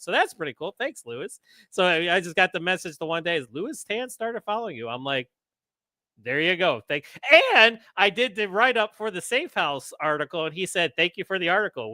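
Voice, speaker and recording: Male podcast host, excitable rambling chatter, bright edge, dry close sound. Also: high-pitched, no room sound. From United States. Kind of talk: casual live-stream chat.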